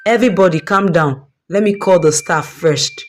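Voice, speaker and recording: A woman's voice: on the low side, moderate pace, a little hiss or hum, natural voice. A woman voicing a stressed, middle-aged businessman who speaks in a weary, exasperated, pleading way. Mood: solemn. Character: stressed middle-aged rich husband, now broke.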